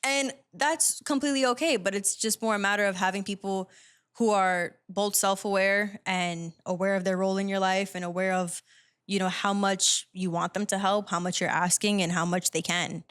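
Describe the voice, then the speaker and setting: A woman's voice: medium pitch, moderate pace, clear, resonant tone. Chatty woman podcast host. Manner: chatty, animated storytelling, frequent "like" fillers. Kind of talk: casual podcast chat.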